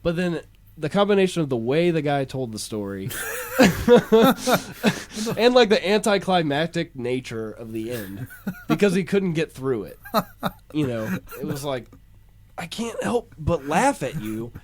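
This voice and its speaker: A man's voice: on the high side, very animated, normal speed, long pauses, slight background noise. A man with a Midwestern American accent, a podcast guest who talks casually with hesitant fillers, swearing and frequent laughs. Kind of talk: casual chat.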